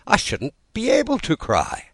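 A man voicing a polite, earnest young girl from a storybook, pitching his voice high and careful. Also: huge pitch swings, a little slow, fairly bright tone, no echo, full character voice. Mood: upset.

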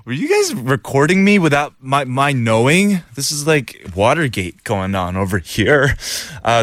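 Male radio host, animated pitch, dry studio sound, chatty, laughs a lot. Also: dry recording. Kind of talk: casual radio talk reading listener messages.

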